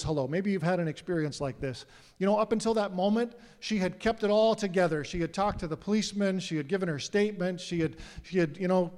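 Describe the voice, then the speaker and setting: A man's voice: high voice, darkish tone. A middle-aged man, a pastor, preaching a sermon earnestly and asking the congregation questions. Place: church sanctuary. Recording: long hall reverb.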